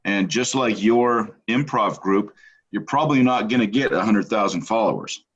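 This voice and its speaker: A man co-hosts a podcast in relaxed, teasing chat. His voice sits low, and the recording sounds dull and lo-fi. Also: moderate pace, breathy edge. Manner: chatty and teasing, upbeat. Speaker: podcast co-host. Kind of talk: casual chat.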